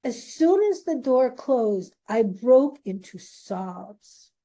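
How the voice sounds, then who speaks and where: A middle-aged woman hosting her own show, slowly and earnestly telling a personal story in a confiding way. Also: on the high side, expressive, dark tone. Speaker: host.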